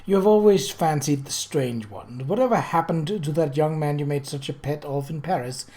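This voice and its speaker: A woman's voice: low voice, normal speed, mellow, natural voice. A reader voicing a haughty, jealous aristocratic English lady with a silky, patronizing manner. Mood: amused, catty. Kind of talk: audiobook character voice.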